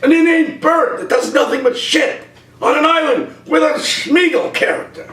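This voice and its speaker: A man impersonating a frantic, eccentric old scientist in a high, shouting voice. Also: normal speed, distant mic. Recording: roomy echo, off-mic.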